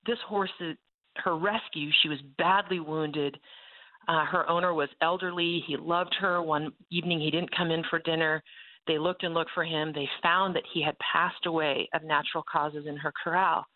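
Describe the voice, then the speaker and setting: A woman's voice: deep voice, moderate pace. Tinny-sounding woman telling a faith story. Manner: animated, acts out the voices in her story. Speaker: ranch ministry leader and speaker.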